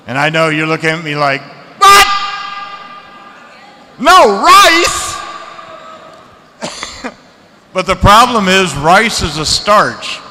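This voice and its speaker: Man, seminar lecturer, unhurried, slightly high voice, engaging with the audience, hall reverb. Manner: lively, asks the audience questions, acts out reactions. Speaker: seminar speaker.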